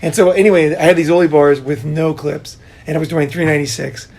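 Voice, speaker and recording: Animated middle-aged man telling stories. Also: on the high side, fast, vocal fry. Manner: animated, laughing storyteller who swears casually. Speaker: podcast host. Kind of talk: casual conversation, storytelling.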